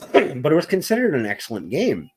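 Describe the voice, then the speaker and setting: Animated, ranting man. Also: a little high, moderate pace, slightly rough. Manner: heated, profane ranting; wordy, formal vocabulary. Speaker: podcast co-host. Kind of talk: opinionated gaming discussion.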